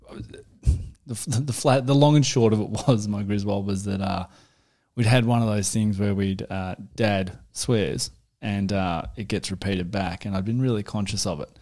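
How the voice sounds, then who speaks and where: A man's voice: fairly low pitch, unhurried, darkish tone. A man co-hosting a podcast, joking and poking fun at himself in a casual chat. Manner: joking, self-mocking. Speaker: podcast co-host.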